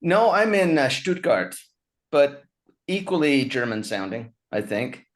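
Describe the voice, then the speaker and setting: A man's voice: mid-range voice, very animated, unhurried, slight background noise. A man in his fifties from Utah, a stand-up comedian chatting as a guest on a video call, wry and self-mocking, laughing often. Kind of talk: casual chat over a video call.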